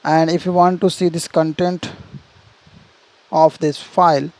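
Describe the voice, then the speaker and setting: A man's voice: on the high side, level tone, a little slow, darkish tone, low-quality recording. A man teaching programming in a screen-share tutorial, walking through steps and checking in with "see" and "right?". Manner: explains step by step, repeats "see" and "right?", frequent restarts.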